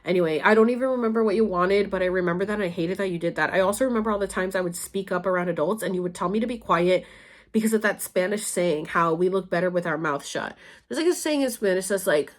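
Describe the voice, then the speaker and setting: A woman's voice: mid-range voice, fast talker. A young adult woman vlogging, speaking candidly and emotionally to her mother about her past, blunt and sometimes swearing. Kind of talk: personal storytelling, addressing her mother.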